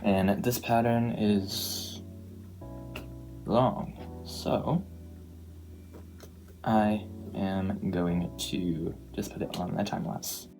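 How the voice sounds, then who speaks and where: A woman's voice: a bass voice, steady tone, extremely slow, long pauses. A young woman chatting casually as a crochet vlogger, rambling with lots of ums and likes. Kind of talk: casual vlog chat. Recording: voice over clear background music.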